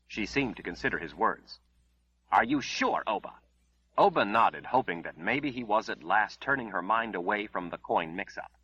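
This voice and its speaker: A man narrating an audiobook in a measured, dramatic storytelling manner. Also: lowish voice, expressive, pushed and bright, breathy edge, lo-fi sound.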